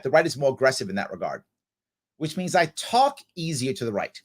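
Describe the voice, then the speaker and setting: Animated man on a livestream Q&A. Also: mid-range voice, quick pace, slightly rough. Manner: animated storytelling, acts out other voices. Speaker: livestream host answering viewer questions. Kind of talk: casual livestream Q&A.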